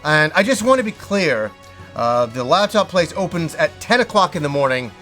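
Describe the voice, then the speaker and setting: Animated high-voiced man telling a story. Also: moderate pace, soft background music. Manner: animated, acts out his own reactions in quoted asides. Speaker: host. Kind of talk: casual storytelling vlog.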